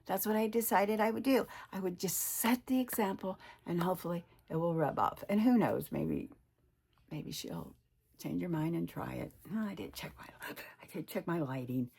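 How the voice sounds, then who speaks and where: A woman's voice: lowish voice, expressive, moderate pace, vocal fry, a little mellow, husky. A woman in her sixties talking in a casual personal vlog, chatty and emotional, retelling her conversations. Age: 60s. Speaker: vlogger.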